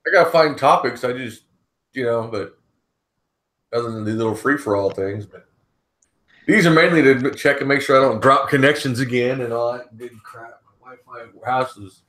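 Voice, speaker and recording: A man's voice: mid-range voice, normal speed, a bit bright. Rambling man at work, echoey room. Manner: rambling, self-interrupting. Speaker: streamer host. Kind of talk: casual chat. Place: workplace. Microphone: microphone borrowed from his kid.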